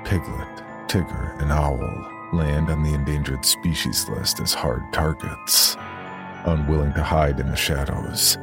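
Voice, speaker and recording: A man with an extremely low, rumbling voice gives a booming, deliberate movie-trailer announcement. He speaks as a voice-over while music plays clearly behind him.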